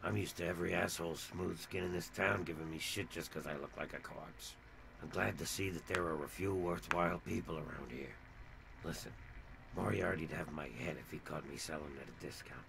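A man's voice: low voice, steady tone, a little fast, background noise. An actor playing a meek, corpse-like ghoul barman in a video game, with a timid, grateful manner. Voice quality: gravelly, rasping.

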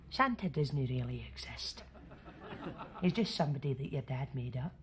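A woman's voice: animated, normal speed, slight background noise. A Scottish woman in a comedy sketch, coaxing a child in a sugary voice. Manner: sickly sweet coaxing, then shrill and unhinged.

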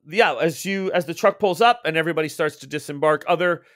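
A man's voice: on the high side, fairly bright tone, no room sound, clean studio sound. A man narrating as game master in a tabletop game, rambling with frequent restarts. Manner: rambling, halting, many restarts.

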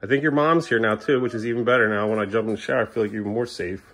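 A man's voice: lowish voice, fairly even intonation, racing, a bit bright, slight background noise. Playful dad coaxing his kids at home. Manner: coaxing and playful with small children, muttering asides. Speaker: father filming his kids. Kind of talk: casual family vlog. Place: family home indoors.

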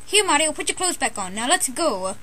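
A woman with a very high, sharp voice gives every character in a homemade animation her own lines. She is excitable, hopping between put-on voices and breaking into shrieks and shouts. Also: brisk. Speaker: amateur voice performer.

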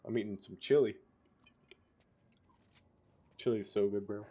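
Laid-back young gamer dude, low voice. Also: male voice, measured pace, slightly rough. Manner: casual, rambling, bursts into excited shouting in fights. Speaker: gamer streamer. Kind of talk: live gameplay commentary to a teammate.

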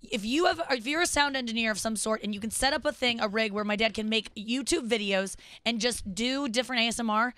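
A woman in her thirties hosting a radio show, teasing and joking in quick banter. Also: fairly high pitch, a bit bright, no room sound.

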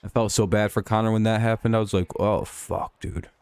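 A man's voice: on the low side, flat delivery, fast, darkish tone, clear, resonant tone, no echo. Laid-back, swearing male game streamer. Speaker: live stream host. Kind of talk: casual live game reaction commentary.

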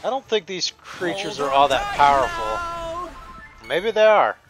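A man's voice: sits high, huge pitch swings, unhurried, music in the background, rough recording. A man casually commenting as he plays a video game, thinking aloud and reading the on-screen text. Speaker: gameplay host. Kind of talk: casual let's-play commentary.

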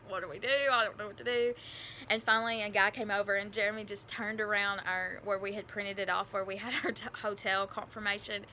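A woman's voice: mid-range voice, pushed and bright, a little hiss or hum. A young woman with a country accent telling a personal story in a casual, rambling, earnest way, with lots of fillers. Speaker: adoptive mother vlogger.

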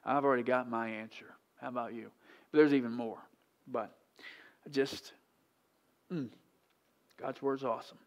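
A male pastor preaching a sermon in church, animated and often questioning the congregation directly. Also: mid-range voice, a little slow, long pauses. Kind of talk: sermon teaching.

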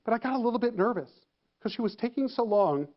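A man telling a story to an audience, lively, acting out the phone calls he describes. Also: very high voice, quick pace, lo-fi sound. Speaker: keynote speaker. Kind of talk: storytelling talk.

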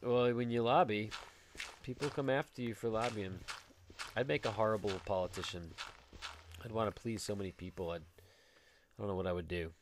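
A man with a voice on the low side provides casual gameplay commentary from home, talking to himself while building. He's brisk but pauses often, jokey and rambling. A little hiss or hum sits under the audio.

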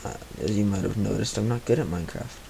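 A man's voice: fairly low pitch, fast talker, gravelly, noisy background. A man giving live gameplay commentary on a cheap microphone, mumbling and grumbling to himself with frustrated asides. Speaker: gaming commentator. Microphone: cheap replacement microphone.

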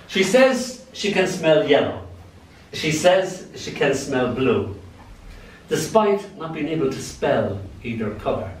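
An older Irish man reading his poems aloud at a live event, playful and lilting, with sudden swings between soft and loud. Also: fairly high pitch, very animated, slow pace, long pauses, a little hiss or hum. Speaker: poet. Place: event venue. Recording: echoey room from far off, faint ambience.

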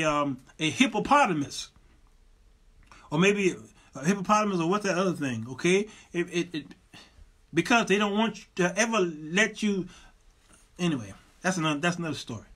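A man's voice: high voice, a bit bright. A man hosting his own show, teaching from the Bible in a loose, folksy way and stacking repeated words as he builds a point. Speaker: show host and preacher.

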